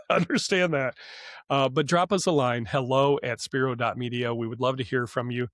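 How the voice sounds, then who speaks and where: A man's voice: mid-range voice, fairly even intonation, moderate pace, a bit bright, no room sound, studio quality. A middle-aged man co-hosting a business podcast, chatty and rambling, laughing often between asides. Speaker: podcast co-host. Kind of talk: casual podcast chat.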